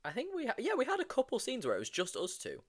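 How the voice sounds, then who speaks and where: A young man with a very high voice talks quickly in a casual stream chat. Animated and laughing, he tells funny stories from filming, filled with fillers and bursts of laughter.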